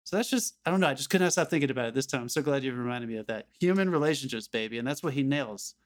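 A man's voice: medium pitch, animated, racing. A man co-hosting a movie podcast over a video call, passionate and rambling, swearing freely. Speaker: podcast co-host. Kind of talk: casual movie podcast chat.

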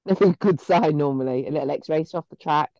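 A woman's voice: sits low, brisk, dark tone, no room sound, muffled recording. A woman co-hosting a podcast, telling stories in a chatty, sweary way with laughs mid-story. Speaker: podcast co-host. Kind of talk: casual chat.

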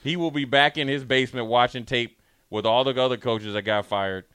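A man's voice: mid-range voice, steady tone, a little fast, a bit bright, clean tone, no room sound. A man talking sports in a playful, riffing debate, spinning out game scenarios. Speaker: sports talk host.

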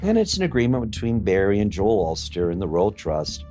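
A middle-aged man tells his story in a blunt, profane way, stopping and restarting with fillers. His pitch swings widely from sentence to sentence. Faint music plays under him. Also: sing-song, fairly quick, warm tone. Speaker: interviewee. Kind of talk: emotional personal testimony.

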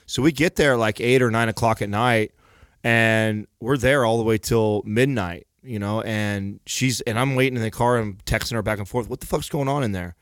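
A man's voice: lowish voice, steady tone, moderate pace, a bit bright, smooth, no room sound, clean studio sound. A man telling a long story in casual chat, rambling and swearing freely as he goes.

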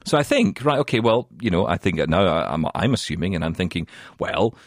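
A man from the UK co-hosting a podcast in casual chat, telling a story in an animated way and often laughing. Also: sits low, brisk, no room sound, studio quality. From United Kingdom. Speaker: podcast co-host.

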